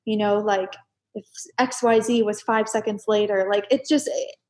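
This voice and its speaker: A young adult woman talking openly and emotionally as a guest in a casual chat, breaking into animated exclamations. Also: medium pitch, normal speed.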